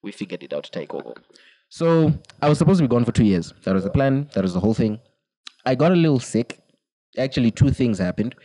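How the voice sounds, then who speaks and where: A man's voice: medium pitch, very animated, fast, mellow, no room sound, poor audio. A young man, a podcast co-host, telling a long personal story in casual chat, laughing often and quoting people in put-on voices.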